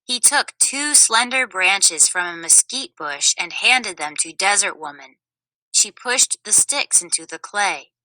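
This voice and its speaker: A woman reading a children's story aloud in a clear, expressive way. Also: mid-range voice, measured pace, dry recording, rough recording. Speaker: storybook narrator.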